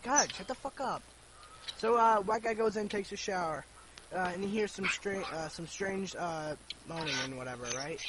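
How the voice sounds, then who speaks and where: An excitable man loudly rambling through a joke as a gameplay commentator. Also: high voice, normal speed, very noisy. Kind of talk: casual joke-telling.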